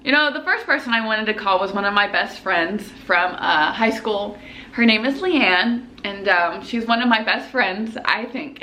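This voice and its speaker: A young woman in her twenties, a medical student, telling a personal story to camera in an animated, chatty way, full of "like" fillers. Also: mid-range voice, slight background noise.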